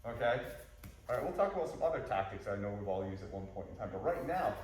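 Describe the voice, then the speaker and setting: A man teaching a martial arts class, animated, acting out quoted lines of dialogue as he coaches his students. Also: on the low side, fast, a little hiss or hum. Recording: echoey gym heard from a distance.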